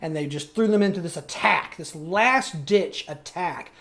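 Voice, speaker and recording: A man's voice: on the high side, unhurried, fairly bright tone. A man co-hosting a podcast, telling a story in a rambling way with many restarts and fillers. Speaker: podcast co-host. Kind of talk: casual chat.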